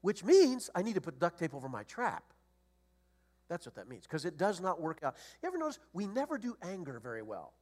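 Animated, high-voiced man preaching a sermon. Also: brisk. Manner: animated, storytelling, rising to loud emphasis. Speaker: guest preacher.

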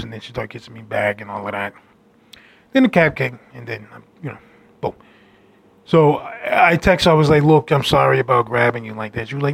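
A man telling a rambling story about a date in a brash, casual monologue with loud asides. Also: on the high side, gravelly, husky, no echo. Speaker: dating storyteller.

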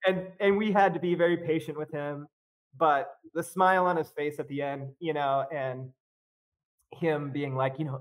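A man with a fairly high voice for his sex chats as a podcast guest. He tells a loose, rambling story packed with fillers and laughter. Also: steady tone, normal speed. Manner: rambling, filler-heavy, laughs often while telling. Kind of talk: casual storytelling chat.

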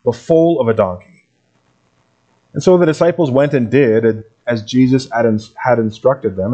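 A man pastor reading a Bible passage aloud and then preaching in a relaxed, conversational way to his congregation. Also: medium pitch. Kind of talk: sermon.

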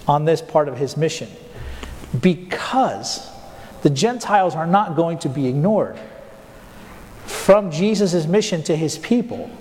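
A male pastor preaching a sermon, putting rhetorical questions to the congregation and slowing down to stress key points. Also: high-pitched, a little mellow, in a large hall. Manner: asks the congregation rhetorical questions, slows down for emphasis.

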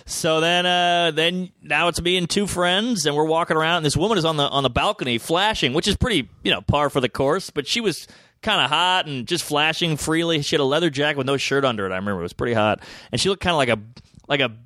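A man spinning a crude tale, acting out every voice in it. His tone is bright and forceful, a little high for a man. The sound is dry and close. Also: fast talker, dry recording. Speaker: comedian guest. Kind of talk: casual storytelling.

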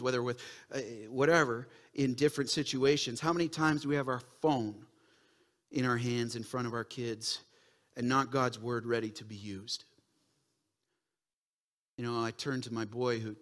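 A middle-aged man preaching a sermon as pastor, swinging from quiet, earnest asides to loud, excited bursts. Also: mid-range voice.

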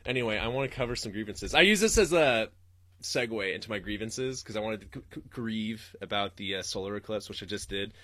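A man's voice: lowish voice, lively intonation, brisk, sharp tone, dry recording, studio quality. A young man hosting a podcast, ranting and rambling solo with lots of swearing and laughter. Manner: rambling, profane, laughing ranter. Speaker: podcast host.

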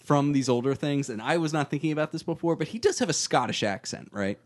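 A man co-hosting a podcast recapping a TV show, quick to laugh, chatty and nitpicky. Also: fairly high pitch, lively intonation. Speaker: podcast co-host. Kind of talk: casual TV recap chat.

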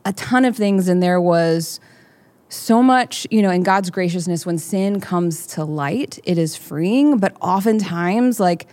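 Podcast co-host, young woman, lower register, earnest and rambling, lots of "like". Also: a little slow, darkish tone. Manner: heartfelt, rambling with many fillers. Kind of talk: candid faith conversation.

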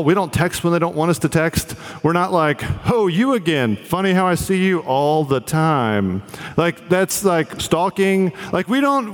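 A man giving a casual, conversational sermon with joking asides, talking directly to the young men in the room. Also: fairly high pitch. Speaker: pastor. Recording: long hall reverb.

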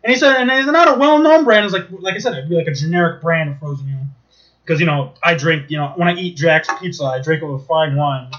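A man chatting casually, telling rambling, profane, animated stories. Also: a little high, fast talker. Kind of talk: casual chat. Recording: dull lo-fi recording.

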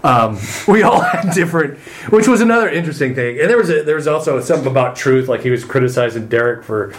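A man's voice: fairly high pitch, lively intonation, fast talker. Rambling man co-hosting a podcast. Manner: rambling, filler-heavy, amused. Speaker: podcast co-host. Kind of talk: casual podcast chat.

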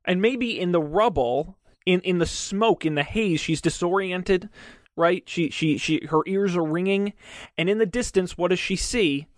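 A man leading an improvised role-play as game master, describing scenes with hesitant pauses. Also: high-pitched, no room sound, studio quality.

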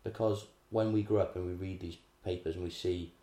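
A man's voice: low-pitched, fairly even intonation, fairly quick, mellow. A man co-hosting a casual chat, explaining political theory in a chatty, lecturing way. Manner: chatty, lecturing, laughs at his own asides. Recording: echoey room.

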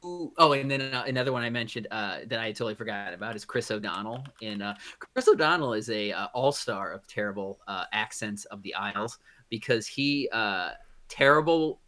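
A fairly low, sharp-toned male voice, a little fast, belongs to a podcast co-host in casual chat. He rambles, restarting often and using lots of fillers.

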